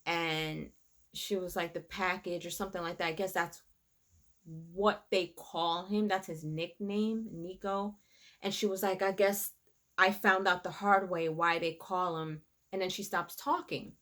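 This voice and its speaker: A woman in a casual episode recap, her voice sitting a touch low. She tells the story with animation, slipping into the characters' lines as she retells each scene. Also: steady tone, a little slow, a bit bright. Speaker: reviewer.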